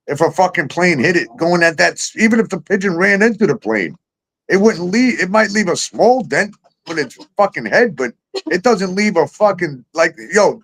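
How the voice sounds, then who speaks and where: A middle-aged man hosting a talk show, ranting with heavy profanity, sarcasm and disbelief. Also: high voice.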